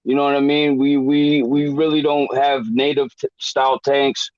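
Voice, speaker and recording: A man's voice: medium pitch, little pitch movement, normal speed, dry recording, dull audio. A man chatting casually on a podcast in an easygoing way, using many fillers.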